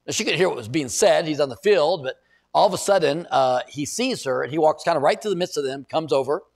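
Gravelly middle-aged man preaching. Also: fairly high pitch, animated, fast. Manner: conversational preaching with rising emphatic bursts. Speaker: pastor. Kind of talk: sermon.

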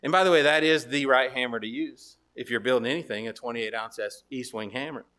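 A man's voice: mid-range voice, fairly quick, sharp tone. A man preaching a sermon as pastor, in a conversational storytelling manner with asides and restarts.

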